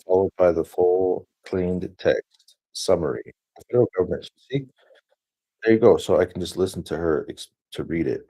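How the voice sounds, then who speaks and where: A man's voice: low-pitched, dark tone, husky. A man rambling through a casual screen-share walkthrough, thinking aloud with many fillers and restarts. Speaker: solo streamer.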